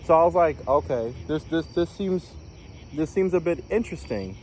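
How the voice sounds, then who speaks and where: A man's voice: on the high side, animated, moderate pace, darkish tone, a little hiss or hum. Rambling young man from New York. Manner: rambling, many fillers and restarts. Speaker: vlogger, former navy recruit. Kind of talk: casual storytelling vlog.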